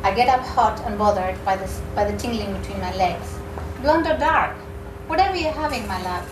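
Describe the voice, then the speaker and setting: A woman reading a novel excerpt aloud at a literary event, in a measured, expressive way. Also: medium pitch. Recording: echoey room, mic far off, background noise.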